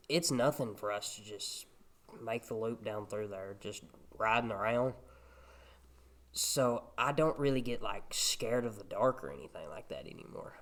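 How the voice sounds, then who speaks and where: A young man, chatting casually about country life on a podcast. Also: mid-range voice. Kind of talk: casual chat.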